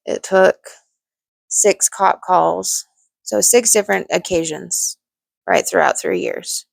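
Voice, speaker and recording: Gravelly young woman telling her story. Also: lowish voice, no room sound. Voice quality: gravelly vocal fry. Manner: candid, blunt, swears freely, restarts often. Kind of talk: personal storytime monologue.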